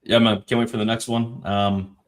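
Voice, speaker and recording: A man co-hosting a casual sports podcast, talking in a relaxed, slangy way with drawn-out fillers. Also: on the low side. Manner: laid-back, slangy, drawn-out filler words. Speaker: podcast co-host.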